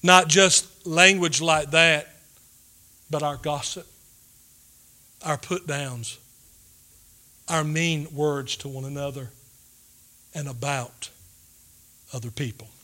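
A man delivers a sermon in a high voice. His tone is bright and forceful. He swings between loud emphasis and quiet, hushed asides. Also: steady tone, slow, long pauses. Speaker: pastor.

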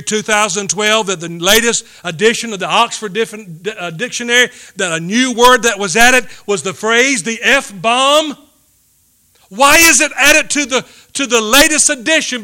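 A man preaching a sermon, swinging between loud emphatic points and hushed asides. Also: sits high. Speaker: pastor.

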